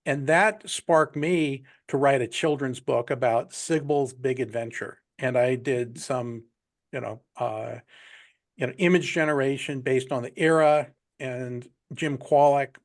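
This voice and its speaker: A man's voice: mid-range voice, steady tone, unhurried. A man hosting a casual group video call. He wanders through his points and leans on "you know" and "right" again and again. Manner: rambling, with many "you know"s.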